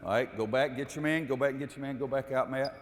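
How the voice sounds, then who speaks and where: An older coach with a medium-pitched, fast delivery instructs basketball players through a defensive drill. The large gym gives long reverb as he explains steps and repeatedly barks out commands during this on-court clinic.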